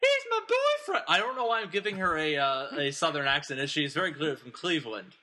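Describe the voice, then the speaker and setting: A man sits in as podcast host, chatting casually through a film recap. His voice is very bright and sits a little high. He wanders off on digressions, restarts his sentences and keeps chuckling through them. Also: expressive, fast. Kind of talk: casual chat.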